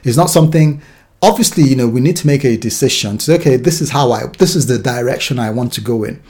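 A man's voice: medium pitch, fast, a little mellow. A man preaching a sermon in a loose, conversational way, acting out little voices in his examples. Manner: conversational, with acted-out asides.

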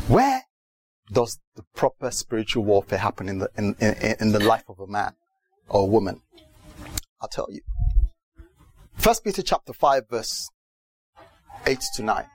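A man from Britain preaching a sermon in a lively way, often asking the audience if they understand. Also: mid-range voice. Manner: lively, mimics other preachers, asks the audience questions.

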